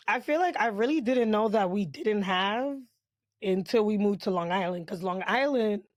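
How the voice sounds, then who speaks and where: A young woman from Brooklyn, New York, co-hosting a podcast and telling her story in a chatty, animated way with casual slang. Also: mid-range voice, no room sound. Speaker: podcast co-host.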